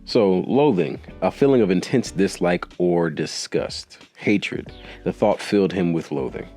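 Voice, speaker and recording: A man's voice: sits low, lively intonation, measured pace, mellow, soft background music. A man hosting his own podcast and talking casually on his own, rambling and correcting himself, with lots of filler words and small chuckles. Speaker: podcast host. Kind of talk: casual solo podcast monologue.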